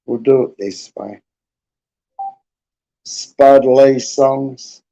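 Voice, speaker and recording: A man's voice: mid-range voice, fairly even intonation, drawn-out words, gravelly, mellow, highs cut off. A middle-aged man, hosting a casual livestream chat in a laid-back, rambling way and mumbling while he fiddles with a device. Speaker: livestream host.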